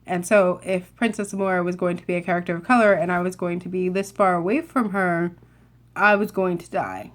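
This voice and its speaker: A young woman chatting to camera, telling a rambling, animated story full of asides and self-corrections. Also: fairly low pitch, brisk. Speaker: vlogger.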